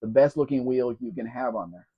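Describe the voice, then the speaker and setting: A man's voice: mid-range voice, fairly quick, breathy edge. Male stream host with a sore throat, casual and rambling, reads out viewer comments, muffled lo-fi sound. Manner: chatty and rambling, addressing viewers by name. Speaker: live Q&A host. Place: at home in a room. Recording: dull lo-fi stream audio.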